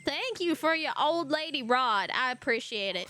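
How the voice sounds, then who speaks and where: Bright, bubbly woman streamer. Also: sits high, moderate pace, a little hiss or hum. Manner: giggly, animated, chatting to viewers. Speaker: game streamer. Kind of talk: casual live-stream chat. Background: faint game music.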